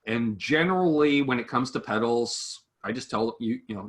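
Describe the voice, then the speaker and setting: A man's voice: mid-range voice, normal speed, hardly any pauses. A man who makes guitar pedal demos, chatting casually with another creator and animatedly acting out the people he quotes. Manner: animated, acts out quoted voices. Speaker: guitar gear demo creator. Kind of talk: casual chat between online creators.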